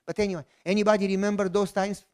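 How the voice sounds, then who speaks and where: A man's voice: high-pitched, quick pace. A middle-aged man with a Romanian accent, a pastor telling a personal testimony in a sermon, acting out the voices in the story. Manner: animated storyteller who acts out voices.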